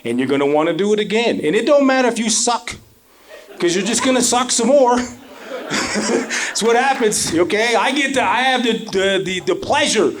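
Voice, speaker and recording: A middle-aged man from Colorado Springs doing a stand-up comedy set on a club stage, telling animated stories full of "you know" fillers. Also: high-pitched, moderate pace. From Colorado Springs, USA. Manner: animated storytelling, lots of fillers. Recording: live club with crowd laughter.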